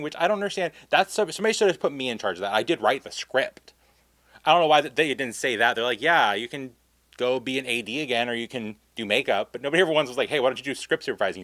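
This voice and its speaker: A young man tells a story in a campy, animated way, with lots of laughing asides. His voice sits in an ordinary middle pitch. The sound is close and dry. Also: no echo. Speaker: vlogger. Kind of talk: casual storytime.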